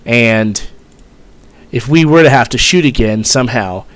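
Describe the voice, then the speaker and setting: A man's voice: medium pitch, expressive, measured pace. A young man casually telling a rambling, profane story as a vlogger, full of fillers and swearing.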